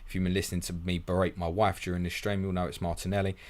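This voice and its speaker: A deep-voiced man hosts a live fantasy football question stream. He reads questions out quickly and answers them in a blunt, matey way, tossing in "mate" at every turn. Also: flat delivery, a little mellow. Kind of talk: fast live Q&A reading viewer questions.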